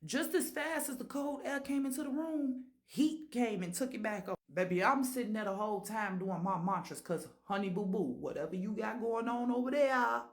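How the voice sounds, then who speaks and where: A woman telling a paranormal story in a brash, profane, dramatic way, with sudden loud outbursts. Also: mid-range voice. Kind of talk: casual storytime monologue. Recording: roomy echo.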